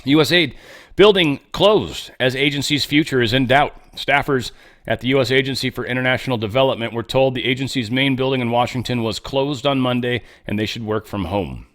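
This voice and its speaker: A man's voice: medium pitch, a little fast, a bit bright. A man hosting casual political commentary, blunt and rambling, with swearing and off-the-cuff asides. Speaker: host.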